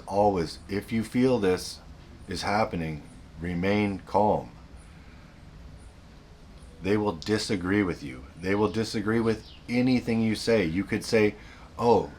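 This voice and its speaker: A man's voice: low-pitched, a little hiss or hum. A man hosting a self-help video, giving earnest unscripted advice, often repeating and restarting his sentences.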